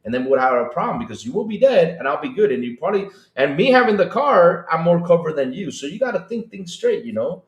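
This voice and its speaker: A man co-hosting a podcast who chats loosely, often stopping to restart his sentences. His voice is mid-pitched, and the room gives it a noticeable echo. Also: big pitch swings, fast talker, hardly any pauses, muffled recording. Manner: rambling, hesitant with many fillers. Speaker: podcast co-host. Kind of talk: casual chat. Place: Panama.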